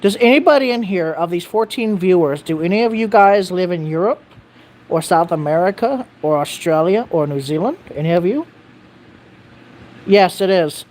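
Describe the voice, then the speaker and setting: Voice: medium pitch, animated, moderate pace, darkish tone. A live streamer in casual chat, rambling and correcting themselves, reading out viewer comments and swearing casually.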